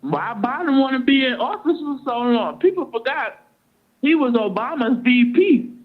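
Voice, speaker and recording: A woman's voice: sits high, lively intonation, normal speed. A woman from Jamaica calling in to a radio show, chatting in a gossipy, opinionated way. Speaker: caller. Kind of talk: casual phone call-in. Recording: tinny phone line.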